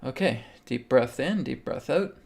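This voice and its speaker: A man hosting a live show, calmly guiding a healing meditation and answering viewers' questions, often checking in with "okay". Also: medium pitch, a little slow, gravelly. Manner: calm, instructive, repeats okay. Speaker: host and spiritual healer.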